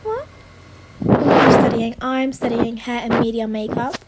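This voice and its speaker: Chatty teenage English girl, high voice. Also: fairly even intonation, unhurried, very noisy. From Britain. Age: teens. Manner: chatty, giggly, says "like" and "mate" a lot. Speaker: livestream host. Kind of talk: casual livestream chat reading comments. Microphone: phone.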